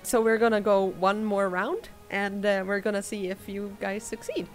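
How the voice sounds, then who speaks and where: A woman running a tabletop game as game master, talking in a halting way with many fillers and frequent laughter. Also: medium pitch, fairly even intonation, soft background music.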